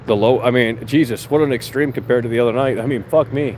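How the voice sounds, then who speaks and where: Noise fills the background as a young man streams live from a car, going through viewer comments in a loose, sarcastic, profanity-laced ramble. He speaks quickly in a mid-range voice.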